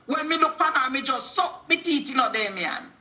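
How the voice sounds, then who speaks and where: A woman's voice: sits high, lively intonation, normal speed, pushed and bright. A middle-aged woman with a Jamaican accent, calling in to a talk show with a preachy testimony that quotes scripture and acts out dialogue in patois. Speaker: caller.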